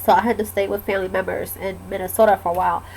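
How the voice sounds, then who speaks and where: Halting, soft-spoken woman telling her story. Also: mid-range voice, flat delivery, a little hiss or hum, low-quality recording. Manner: halting, with many pauses and fillers. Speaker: vlogger sharing a personal story. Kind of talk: casual personal storytelling. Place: lives in Georgia, USA.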